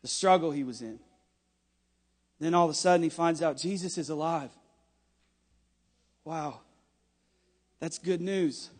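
A man preaching a sermon with passion, rising at times to shouting. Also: fairly high pitch, unhurried, pauses often, big-room sound.

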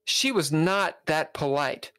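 A man's voice: on the high side, expressive, slow, bright, forceful tone, smooth, no echo, clean studio sound. An American man hosting a podcast, telling a joky story in casual chat with a lot of swearing. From United States. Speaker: podcast host.

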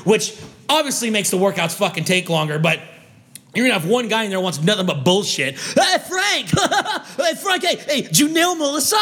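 A man's voice: sits high, bright, forceful tone. A man delivering an angry, profane rant. He swears constantly and keeps stumbling into restarts. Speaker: vlogger.

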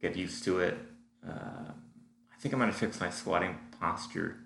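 A faint hum and an echoey room surround this solo audio diarist, who speaks into a home recording setup at his apartment computer. His deep, creaky voice is a bit bright and unhurried, and his stuffy nose is noticeable. He rambles casually and meanders, with lots of fillers and restarts.

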